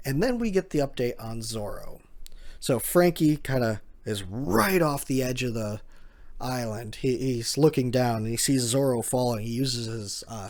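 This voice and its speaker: A man's voice: mid-range voice, darkish tone. A man casually narrating a manga chapter recap, with chatty fillers and asides. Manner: chatty, chuckling, filler words.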